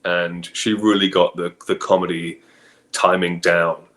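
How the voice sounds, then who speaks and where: Deep-voiced man, relaxed director guest. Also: measured pace. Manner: relaxed, thoughtful, many ums and you-knows. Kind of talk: casual interview chat.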